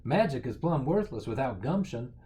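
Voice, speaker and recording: A man voicing a spry, bossy old fairy godmother who talks in a brisk, folksy cowpoke way in a storybook reading. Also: medium pitch, big pitch swings, dark tone, close to an everyday voice.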